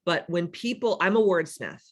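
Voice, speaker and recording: A woman's voice: on the low side, moderate pace. A woman in her forties, a spiritual life coach, teaching in a casual, blunt way with swearing and frequent "right?" asides.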